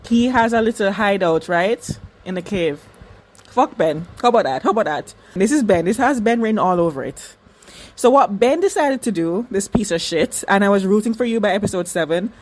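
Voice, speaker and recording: A woman in a casual TV reaction vlog, voice at an ordinary middle pitch. She talks back at the screen and stacks up repeated phrases for emphasis. She swears openly as she reacts. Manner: emphatic and repetitive, swears freely. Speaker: reaction vlogger.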